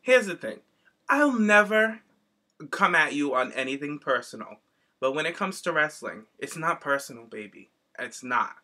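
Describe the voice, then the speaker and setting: Male podcast co-host, bright, forceful voice, sassy and animated, slightly high. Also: normal speed. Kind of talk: casual chat.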